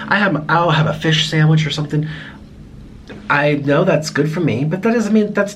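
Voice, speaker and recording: A man's voice: mid-range voice, slight background noise. A man chatting casually to camera as a mukbang vlogger while he eats. He rambles and admits he is talking in circles.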